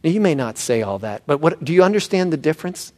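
A pastor preaching a sermon, animated and swinging from loud emphasis to hushed tones. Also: male voice, a little high, fast.

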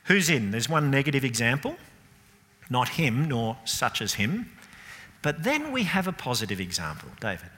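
A man preaching a sermon, asking the room rhetorical questions and swinging between loud and soft. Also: medium pitch, sing-song, moderate pace, big-room sound.

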